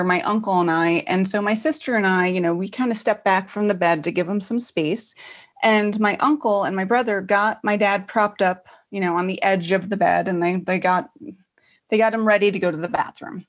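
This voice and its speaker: A woman's voice: mid-range voice, fairly even intonation, moderate pace. A woman in her forties, from New Jersey, telling stories as a guest in a casual chat with a wry, dry delivery.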